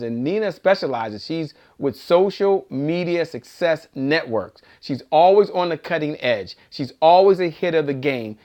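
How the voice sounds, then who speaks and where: Brief: male livestream host, energetic sales motivator, slightly high voice, preachy repetition. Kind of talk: live-stream motivational sales talk.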